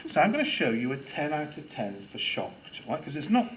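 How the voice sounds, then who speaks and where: Here the workshop leader's voice sits fairly high and moves in a sing-song way at normal speed. He teases, plays and demonstrates as he gives his lively talk to students, with heavy background noise behind him.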